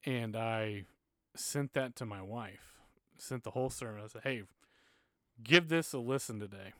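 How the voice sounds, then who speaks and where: A man's voice: medium pitch, unhurried, dry recording, studio quality. A man in his thirties, a church music minister, telling personal stories in a casual podcast chat, earnest and at times emotional.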